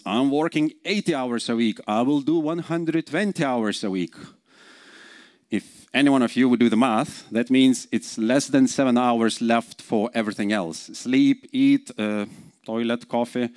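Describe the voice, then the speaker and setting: Man, 40s, Lithuanian accent, chatty conference speaker who keeps quizzing the crowd, mid-pitched and dry-sounding. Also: a little mellow, no room sound. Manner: quizzes the audience, chatty, many fillers. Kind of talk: live conference talk.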